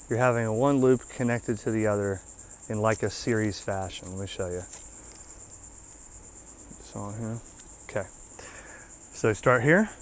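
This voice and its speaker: A man hosting a ham radio channel, walking viewers through an antenna setup in a casual, folksy way and checking in with a frequent "okay?". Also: fairly low pitch. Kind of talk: casual hands-on product demo.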